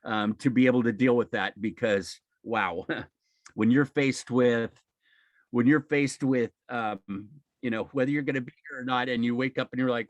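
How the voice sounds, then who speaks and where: American male presenter on a video call, mid-pitched, halting with fillers and soft laughs, dry sound. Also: steady tone, no room sound. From United States. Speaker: nonprofit leader giving a webinar talk. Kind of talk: casual webinar presentation.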